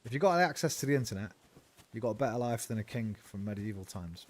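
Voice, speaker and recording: A man's voice: lowish voice, animated, fast talker. A man giving casual, profane, rambling commentary as he streams a game.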